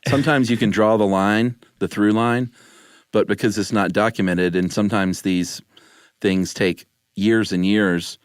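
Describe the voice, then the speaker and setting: A man's voice: on the low side, fairly even intonation, unhurried, smooth, dry recording, studio quality. A man co-hosting a casual podcast chat, wry and chuckling as he talks. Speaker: podcast co-host.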